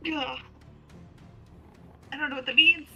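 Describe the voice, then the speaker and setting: Bright sharp voiced woman, kinda unsure, playing d&d, soft music under. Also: sits high, steady tone, measured pace, vocal fry, muffled recording. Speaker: player. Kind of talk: casual game chat.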